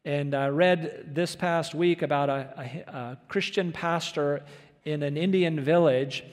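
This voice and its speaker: A man's voice: on the high side, fairly even intonation, unhurried, a little mellow, in a large hall. A man preaching a sermon as pastor, earnest and emphatic, asking his listeners questions.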